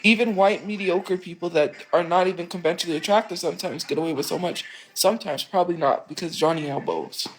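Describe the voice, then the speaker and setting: A woman's voice: lowish voice, fast, few pauses, a little hiss or hum, poor audio. A woman streamer talking in a rambling, emotional, confessional way. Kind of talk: casual rambling stream talk.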